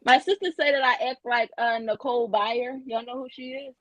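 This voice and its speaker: A woman's voice: a little high, steady tone, normal speed, no echo. A woman guest on a casual podcast, speaking in an easygoing way and laughing often.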